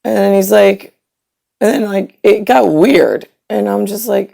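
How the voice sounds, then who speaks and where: A woman's voice: medium pitch, moderate pace, creaky, dark tone. A woman telling a story into the camera that turns into a bitter, profane, sarcastic rant. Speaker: vlogger. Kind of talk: ranting personal monologue.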